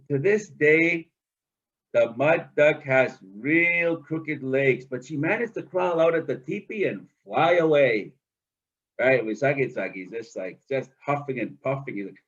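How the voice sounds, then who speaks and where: A male oral storyteller telling a folktale to students slowly and conversationally. His slightly husky voice sits fairly high and rises and falls a lot. The recording sounds somewhat dull and muffled. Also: fairly bright tone. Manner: conversational, with chanted song lines and many tag questions. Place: school.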